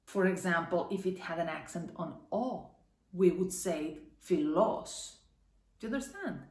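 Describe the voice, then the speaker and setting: A woman teaching a language lesson online, upbeat and encouraging, saying each word slowly and carefully. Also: on the low side, lively intonation, a little mellow, echoey room.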